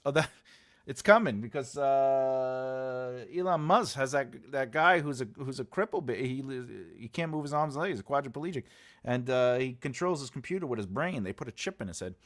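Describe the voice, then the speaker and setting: Lively, rambling male writing teacher. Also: medium pitch, moderate pace. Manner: jokey, rambling, many filler sounds; answers live chat comments aloud. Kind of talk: casual live-stream class chat.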